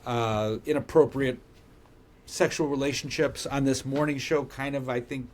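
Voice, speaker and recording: A man co-hosting a podcast chats loosely about TV shows in a mid-range, darkish voice with fairly even intonation and a moderate pace. It's casual talk; he swears freely and trails off mid-thought.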